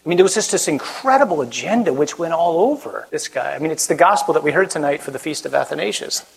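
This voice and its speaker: A priest giving a conversational sermon to a live audience, with self-deprecating humor. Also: male voice, a little high, animated, fast, vocal fry, low-quality recording. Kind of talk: sermon to a young adult group.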